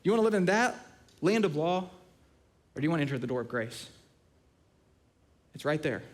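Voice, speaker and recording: A man's voice: a little high, fairly quick. A middle-aged man preaching a sermon as pastor, telling stories with humor and acting out quotes. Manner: animated, humorous storytelling with acted-out quotes.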